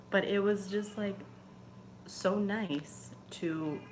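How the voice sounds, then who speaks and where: A woman's voice: medium pitch, extremely slow, background noise. A young woman on her channel, telling a story in a casual, chatty way, swearing freely and sometimes dropping to a whisper. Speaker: channel host. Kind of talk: casual chat.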